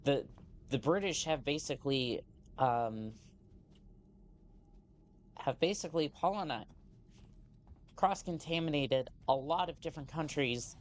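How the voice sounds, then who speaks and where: A woman game streamer talking casually into her desk mic, rambling as she plays. She often restarts her sentences and slows down to read on-screen text aloud. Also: low voice, expressive, slight background noise. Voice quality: rambling, self-correcting, reads on-screen text slowly. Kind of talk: casual gameplay commentary.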